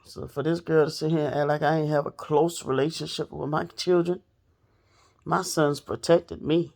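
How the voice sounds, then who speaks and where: A woman's voice: low-pitched, steady tone, normal speed, gravelly, a little mellow. A woman telling a personal story straight to her viewers in a casual, blunt, profane way. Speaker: storytelling vlogger.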